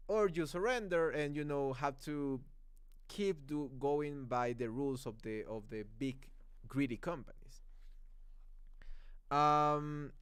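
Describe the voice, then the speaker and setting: A young man from Mexico chats through a live-stream review in English with his Mexican accent. His voice is smooth and clear, pitched slightly high, and heard dry and close. He rambles, doubles back on words and laughs often. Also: no room sound. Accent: Mexican Spanish. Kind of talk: casual live-stream chat.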